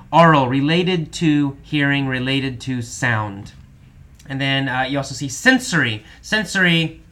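Bright-voiced man teaching vocabulary slowly. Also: fairly high pitch. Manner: slow, repetitive explaining. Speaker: English teacher. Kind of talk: vocabulary lesson.

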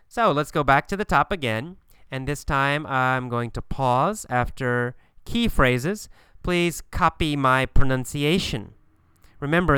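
A man teaching an English pronunciation lesson, asking and answering his own questions deliberately. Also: medium pitch, bright, forceful tone, clean tone, no echo, studio quality. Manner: slow, deliberate, repetitive questioning.

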